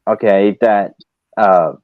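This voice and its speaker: A man hosting a casual online fan discussion, relaxed and hesitant, with many fillers. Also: on the low side, slow pace, no echo, dull audio. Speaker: stream host.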